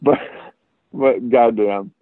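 The man speaks slowly at a medium pitch, with no room sound on a tinny, dry, phone-like line. He's a podcast guest chatting casually, spinning lively stories and acting out each quote.

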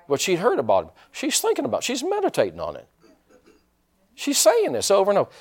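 Man, pastor, sermon in a church, lively swinging pitch, fairly high voice, keeps asking the congregation questions. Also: fast talker. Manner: animated preaching with call-and-response questions to the congregation. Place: church sanctuary.

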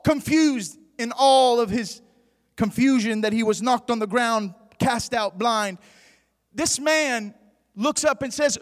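A man preaching a sermon with impassioned, shouting delivery, swinging between loud bursts and quiet, low stretches. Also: slow pace. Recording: long hall reverb.

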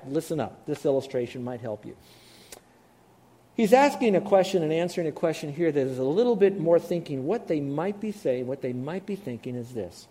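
Mellow-voiced animated male preacher. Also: fairly high pitch. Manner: animated, emphatic, asks the audience to respond. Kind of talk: sermon.

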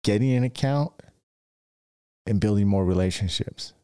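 A man's voice: on the low side, moderate pace, mellow, clear, resonant tone. A man hosting a podcast, giving rambling casual business advice and acting out stories. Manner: rambling, with restarts and acted-out stories. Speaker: podcast host, dent repair business owner.

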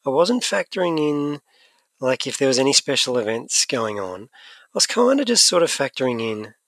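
Lively man chatting on a podcast. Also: medium pitch, no echo. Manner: animated, chatty, restarts often. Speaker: podcast co-host. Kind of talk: casual chat.

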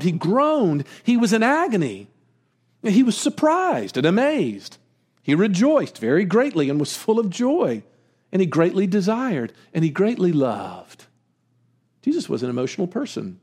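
Animated high-voiced male preacher. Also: measured pace, husky. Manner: animated preaching, pitch swings for emphasis, chuckles. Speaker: pastor. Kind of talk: sermon.

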